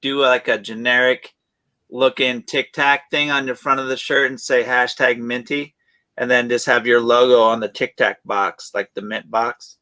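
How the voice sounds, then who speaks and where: A man's voice: medium pitch, level tone, normal speed, pushed and bright. A man in casual chat, eagerly brainstorming ideas.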